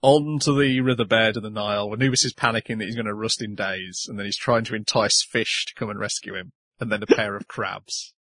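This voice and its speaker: A man's voice: on the low side, steady tone, brisk, hardly any pauses, fairly bright tone, no echo. A man hosting a casual anime podcast, recapping the episode plot and laughing often. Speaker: podcast host.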